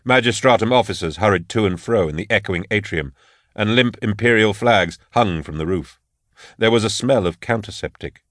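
A man narrating an audiobook in a measured, steady way. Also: lowish voice, no echo, clean studio sound. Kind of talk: scripted narration.

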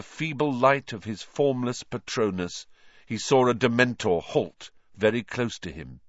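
A man narrates an audiobook at an unhurried pace, his pitch moving in wide, lively swings. The sound is dry and a little muffled. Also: dry recording. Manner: dramatic, tense storytelling. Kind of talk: scripted narration.

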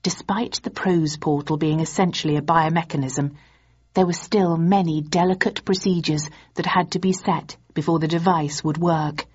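A woman reads a novel aloud in an even, measured way, her voice husky and pitched on the low side. The recording sounds dull and lo-fi, like an older audiobook. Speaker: audiobook narrator. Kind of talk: scripted narration.

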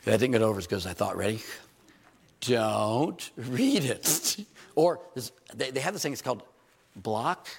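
A man's voice: medium pitch, fairly quick, gravelly, breathy edge. Joking male preacher in a reverberant hall. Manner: animated, joking preacher with rhetorical questions. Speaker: pastor. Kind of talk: sermon. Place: church hall.

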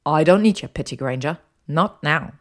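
A woman reading the part of a sardonic, cocky young male wizard, giving him a dry, sarcastic, clipped delivery in a low voice. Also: expressive, normal speed. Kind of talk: audiobook character voice.

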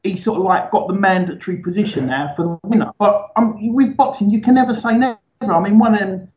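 A man's voice: sits high, quick pace. A man on a remote call chats casually, rambling through his points with plenty of hedges. His voice sounds roomy and echoey. The line is dull and lo-fi. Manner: rambling, hedging with fillers. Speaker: guest on a call. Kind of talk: casual chat.

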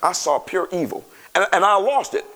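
A man preaching a sermon to a congregation, reading scripture and breaking into animated, conversational asides to the listeners. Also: high voice, moderate pace, noisy background.

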